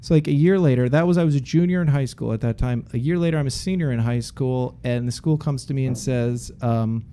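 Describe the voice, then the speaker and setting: A man's voice: medium pitch, fairly quick, few pauses, a little hiss or hum. A man from Boston, a podcast co-host telling stories in a casual chat and putting on voices for the people in them. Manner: animated, puts on voices in his stories.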